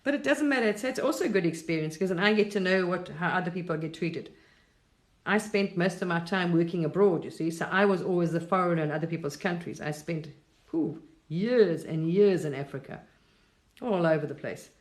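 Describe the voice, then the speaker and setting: A woman's voice: fairly low pitch, fairly quick, roomy sound. Rambling, laughing middle-aged Englishwoman. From England. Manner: rambling, laughs often, reflective. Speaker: TikTok live streamer. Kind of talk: casual spiritual talk on a live stream.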